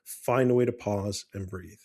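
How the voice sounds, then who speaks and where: A middle-aged man with a low, mellow voice co-hosts a casual podcast. He talks in a calm, earnest way and tells personal stories, often restarting his sentences. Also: unhurried. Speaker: podcast co-host.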